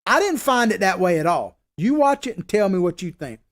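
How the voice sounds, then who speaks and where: High-voiced emphatic male political host. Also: big pitch swings, fairly quick, fairly bright tone. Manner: opinionated, emphatic, conversational. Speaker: political talk show host. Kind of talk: casual political commentary.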